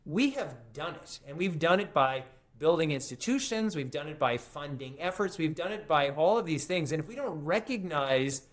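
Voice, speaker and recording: Male guest, emphatic, repeats phrases for effect, slightly high voice. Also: animated, moderate pace, hardly any pauses. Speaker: historian and futurist guest. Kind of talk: podcast interview.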